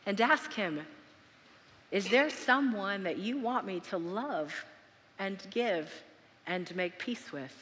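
A woman pastor closing her sermon and leading her church in prayer, earnest and emphatic, slowing right down to stretch out key words. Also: fairly low pitch, a bit bright, big-room sound, slight background noise.

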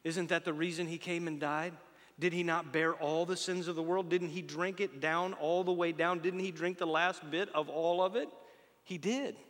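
A man preaching a sermon, conversational and animated, full of rhetorical questions and joking asides. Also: on the high side, moderate pace, big-room sound. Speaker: pastor.

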